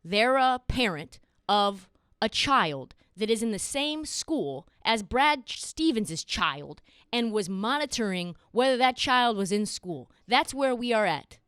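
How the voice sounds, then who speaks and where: A young woman hosting a sports podcast, talking in a casual, sarcastic and animated way. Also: fairly high pitch, smooth, dry recording, clean studio sound. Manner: animated, sarcastic, quick asides. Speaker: podcast host.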